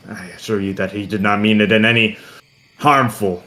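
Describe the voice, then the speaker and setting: A man voicing a male lizardfolk mage who politely tries to calm things down. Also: fairly low pitch, moderate pace. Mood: placating. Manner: smoothing things over, apologetic.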